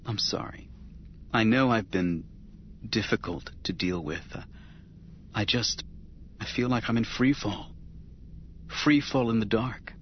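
Man doing a brooding young male jedi knight, low soft voice, strained and halting, dull lo-fi sound. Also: slight background noise, lightly acted. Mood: troubled.

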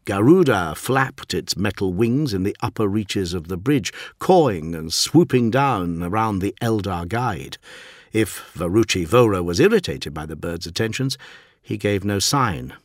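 Casting: male narrator, low voice, animated dramatic reading. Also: unhurried, no room sound, clean studio sound. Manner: dramatic, even-paced storytelling. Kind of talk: scripted audiobook narration.

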